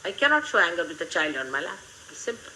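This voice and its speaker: Older woman, lively motherly talk. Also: lowish voice, quick pace, low-quality recording. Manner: gently humorous, motherly, rambling. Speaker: spiritual teacher. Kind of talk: spiritual talk to followers.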